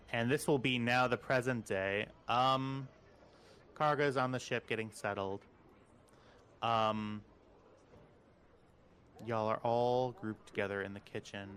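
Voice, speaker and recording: A man acting as game master, chatting casually and telling rambling, animated stories before narrating the game. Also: slight background noise. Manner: animated rambling storyteller, squeaky high voice for quotes.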